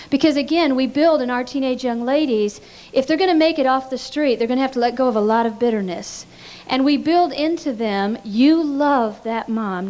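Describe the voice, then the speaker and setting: A woman with a voice a little higher than most speaks earnestly at a pastors' conference. She teaches through heartfelt stories and often stumbles on repeated words as she goes. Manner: earnest storytelling with frequent stammered repeats.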